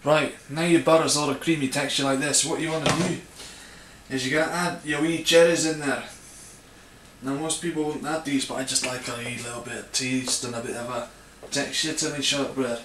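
A man's voice: mid-range voice, steady tone, fairly quick, background noise. A man from Bristol with a put-on Scottish accent over his Bristol one, presenting a recipe in a jokey, self-mocking way. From Bristol, England. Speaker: home cook presenting a recipe. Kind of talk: jokey cooking tutorial. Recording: roomy echo.

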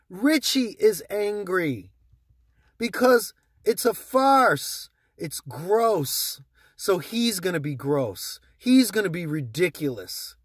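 A man with a high-pitched voice rants at his viewers, heated and profane, circling back to the same complaints again and again. The sound is dry and close, with no room around it. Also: sing-song, takes it slowly, slightly rough, dry recording. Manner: heated, profane, repetitive ranting. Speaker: stock market YouTuber. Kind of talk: angry ranting vlog to viewers.

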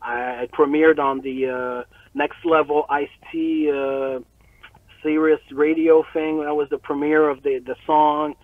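A man guest telling a story in a casual interview, excitable, swearing and acting out quotes. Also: on the high side, a little slow, no echo. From Canada. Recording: tinny phone-like line.

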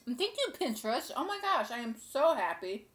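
A woman's voice: sits high, sing-song, fairly quick, a bit bright. A woman hosting a casual cooking show, chatting to camera in a gushing, rambling way.

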